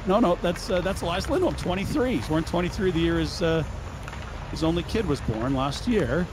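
A man co-hosting a casual sports podcast, animated and laughing as he walks through photos. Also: high-pitched, fairly quick, noisy background. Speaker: podcast co-host.

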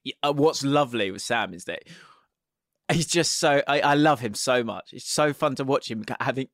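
A man's voice: medium pitch, normal speed, a bit bright, no echo, clean studio sound. A man co-hosting a podcast in casual football chat, rambling and giggling, often trailing off mid-sentence. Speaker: podcast co-host.

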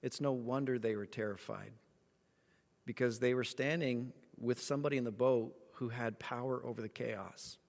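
A man preaching a sermon, telling a story with lively acted-out moments. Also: mid-range voice, normal speed, vocal fry, long reverb tail. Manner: animated storytelling, acts out voices. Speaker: pastor.

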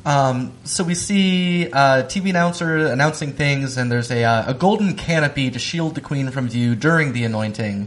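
A woman with a strikingly deep voice co-hosts a podcast recap. She walks through the plot in a dry, laid-back way with plenty of casual fillers. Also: moderate pace, hardly any pauses. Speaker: podcast co-host.

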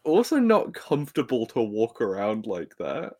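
A man's voice: medium pitch, huge pitch swings, moderate pace, a little mellow. A young man co-hosting a casual comedy podcast, laughing and swearing as he retells a show's scenes. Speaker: podcast co-host. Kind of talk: casual chat recapping a show.

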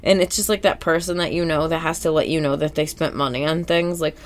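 A woman co-hosting a podcast, recapping an episode in loose, animated chat. Her voice sits on the low side, and she keeps dropping into quick quoted voices and casual swearing. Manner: animated, slips into character quotes. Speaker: podcast co-host.

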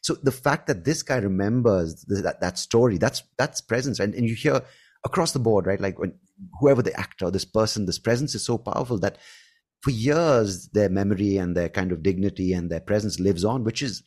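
A man's voice: lowish voice, brisk, a little mellow. A man hosting a podcast, speaking earnestly and enthusiastically, often adding "right?" and "like". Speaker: podcast host. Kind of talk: casual podcast chat.

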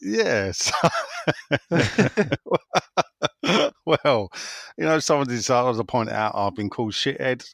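A man's voice: mid-range voice, lively intonation, slow pace, creaky, long pauses, dry recording. Jokey man reading listener comments. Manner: jokey and self-mocking, laughs often. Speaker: podcast co-host.

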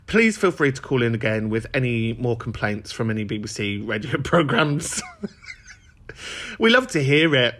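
A man's voice: medium pitch, lively intonation, moderate pace, a bit bright. A man hosting a podcast, chatting and joking in a camp, chatty way, with big laughs. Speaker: podcast host. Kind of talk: casual chat.

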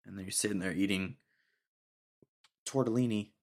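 A man's voice: fairly low pitch, normal speed. A young man hosting a casual solo podcast, ranting sarcastically and laughing often. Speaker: podcast host.

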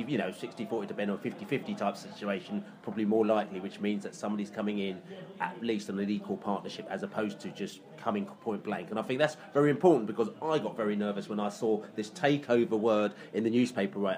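Fast-talking low-voiced man, rambling. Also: a little mellow. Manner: rapid, rambling, full of "you know". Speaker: podcast co-host. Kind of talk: casual pub podcast chat.

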